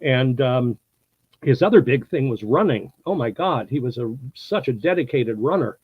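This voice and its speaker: A man in his sixties from the United States, an actor telling anecdotes in a casual interview, animated and laughing often, acting out what people said. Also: mid-range voice, normal speed, breathy edge, dry recording, narrow, tinny audio. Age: 60s. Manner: animated storyteller, acts out quotes, laughs often.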